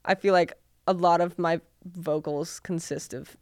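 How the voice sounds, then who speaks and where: A woman's voice: lowish voice, steady tone, measured pace, darkish tone, clean tone, dry recording. A young woman hosting a podcast, chatting casually with lots of fillers and frequent laughter. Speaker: podcast host. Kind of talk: casual chat.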